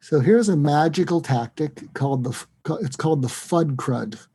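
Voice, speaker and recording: A man, a psychiatrist, giving advice in an interview, acting out lively example dialogues. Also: a little high, moderate pace, husky. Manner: animated, acts out dialogue in quoted voices. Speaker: psychiatrist and guest.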